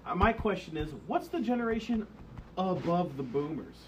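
A young man with a high, very animated voice, excitable and quick to interrupt with jokes. He co-hosts a loose, casual chat over a faint hum of background noise. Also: low-quality recording. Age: young adult. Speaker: podcast co-host.

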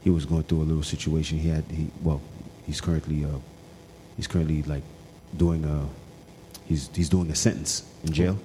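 A man's voice: very deep voice, level tone, normal speed, dark tone, slight background noise. A man co-hosting a podcast, chatting loosely with lots of fillers and restarts. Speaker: podcast co-host. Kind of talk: casual chat. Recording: roomy with long reverb and faint ambience.

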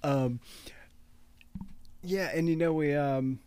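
A man in his late thirties talking in a relaxed, reflective way in casual conversation, with a gravelly edge and a habit of teasing and laughing. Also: on the high side, slow pace, no room sound. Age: 30s. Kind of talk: casual podcast chat.

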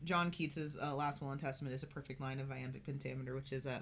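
A woman's voice: a bass voice, level tone, fast talker, creaky, a little hiss or hum. A woman co-hosting a casual podcast chat, dry and wry, swearing now and then. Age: adult, studied in college. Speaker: podcast co-host.

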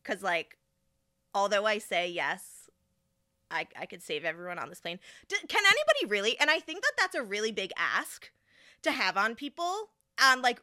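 A young woman hosts a podcast and tells a story in a casual, animated way. Her bright voice swings widely in pitch as she acts out the people she met. The sound is dry and close to the mic. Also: no echo. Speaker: podcast host.

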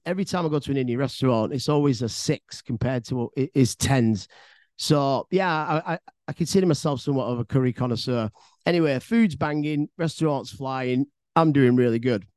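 A man's voice: medium pitch, a little mellow, no echo, clean studio sound. A man with an English accent telling a personal story on his podcast, in a rambling, chatty way with frequent swearing and repeated words. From England. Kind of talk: casual spoken storytelling.

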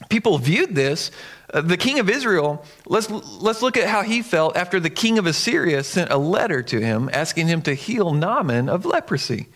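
A pastor delivers his sermon in a voice pitched a little above the usual for a man. He speaks earnestly and presses his points home, slipping into a conversational tone with small fillers as he goes. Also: a bit bright.

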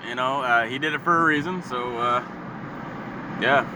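A man's voice: mid-range voice, moderate pace. Man ranting profanely on a street. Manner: heated, profane, rambling with repeats. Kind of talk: profane comedic rant. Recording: street recording with traffic noise. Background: passing cars.

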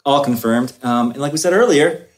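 Animated male podcast co-host introducing a guest. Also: medium pitch, moderate pace. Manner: animated, hype-style introductions. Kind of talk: casual interview chat. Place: hotel lobby. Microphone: field recorder.

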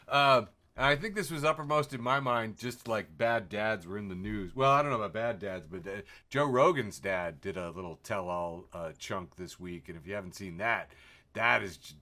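A man co-hosting a podcast in casual chat who laughs often and talks with an animated delivery. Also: lowish voice, moderate pace. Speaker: podcast co-host.

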